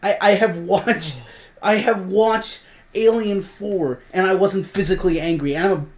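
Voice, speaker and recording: A woman in a loose, casual review chat, swearing freely and sounding exasperated. She keeps to a mid-range voice, then breaks into loud shouts. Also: mid-range voice, unhurried. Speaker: host.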